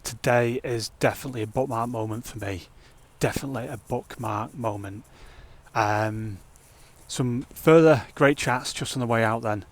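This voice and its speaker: High-energy man vlogging his challenge. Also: moderate pace. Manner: energetic, rambling, self-reflective. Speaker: fitness vlogger. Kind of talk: casual vlog talk to camera.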